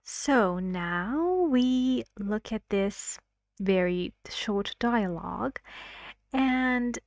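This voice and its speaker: Slow, careful woman teacher. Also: medium pitch, lively intonation, no echo, studio quality. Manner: slow, careful explaining, acts out stressed words in example sentences. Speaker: English teacher. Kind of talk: recorded lesson explanation.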